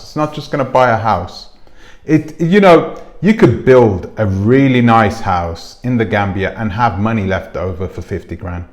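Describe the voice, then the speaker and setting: A man's voice: lowish voice, sing-song, a little slow, darkish tone. A man hosting his own commentary channel, talking casually to camera on a clip-on mic, rambling and asking his viewers rhetorical questions. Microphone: clip-on microphone.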